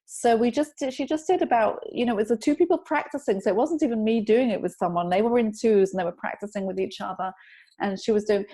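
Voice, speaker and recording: Calm woman explaining tapping. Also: medium pitch, fast talker. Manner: calm, instructive, tells anecdotes. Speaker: EFT tapping practitioner, guest. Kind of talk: explaining in an interview.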